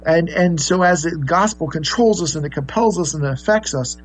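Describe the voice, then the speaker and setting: A man's voice: on the high side, brisk, rough recording. A man preaching a sermon, earnest and explaining, with many fillers and restarts. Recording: faint mains hum.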